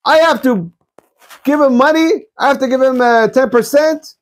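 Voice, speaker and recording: A man voicing a stingy, scornful rich husband who shouts in a much higher, indignant voice. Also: moderate pace.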